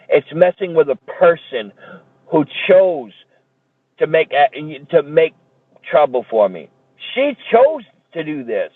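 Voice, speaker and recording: A man's voice: on the high side, dry recording. A man ranting in a heated, profane and repetitive way, as if streaming a monologue. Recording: tinny phone-like dry audio.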